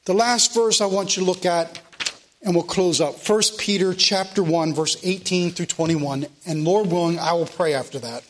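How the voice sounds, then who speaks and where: A man's voice: high voice, normal speed, slight background noise. A man preaching a church sermon and leading prayer, with a fervent, repetitive cadence.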